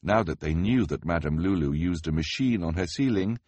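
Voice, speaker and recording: Male narrator, husky and lower-pitched, wry storytelling with a lively, varied delivery. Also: normal speed, no echo. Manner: wry and expressive. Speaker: audiobook narrator.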